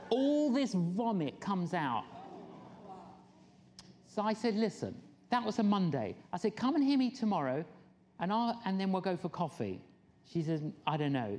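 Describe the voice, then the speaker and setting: A middle-aged woman, preaching a sermon and telling stories, acting out the people she quotes. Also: mid-range voice. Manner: animated storyteller, acts out quoted people with laughs. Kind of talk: sermon storytelling.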